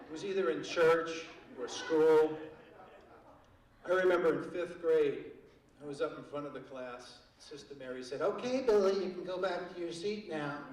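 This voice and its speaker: A man's voice: a little high, normal speed. An older man doing a stand-up comedy set on a theater stage, telling wry stories with crude punchlines. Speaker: stand-up comic. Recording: echoey theater from far off, loud audience.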